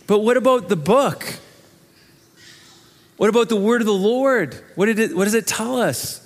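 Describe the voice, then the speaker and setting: A man preaching a sermon as pastor, talking in a conversational, animated way and acting out little voices. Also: sits high, normal speed, pauses often, long reverb tail. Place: church sanctuary.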